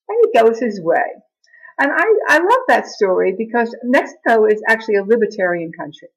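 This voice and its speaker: A woman's voice: on the high side, lively intonation, a little fast, poor audio. A middle-aged woman vlogging in a casual chat to camera, laughing at her own jokes as she talks.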